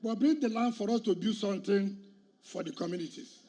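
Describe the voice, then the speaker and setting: Brisk and high-pitched but dark in tone, the voice of a middle-aged Nigerian state governor carries a little hiss or hum. He is addressing a crowd outdoors in a combative speech, firing off rhetorical questions and challenges.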